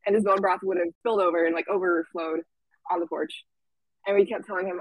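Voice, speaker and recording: A woman's voice: lowish voice, a little fast, no echo, phone-quality sound. A young woman telling a camp story in a casual, chatty way, full of fillers and quoted voices. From Washington State. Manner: chatty, lots of "like" fillers, lively quoting. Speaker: camp staff guest.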